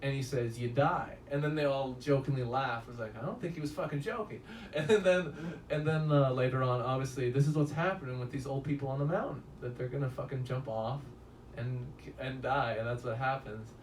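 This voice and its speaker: A man's voice: medium pitch, steady tone, fairly quick, few pauses, far from the mic. Rambling, profane man reviewing a movie. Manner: rambling, profane, laughs at his own stories. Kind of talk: casual spoken film review. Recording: roomy echo, voice a bit off-mic, faint room noise.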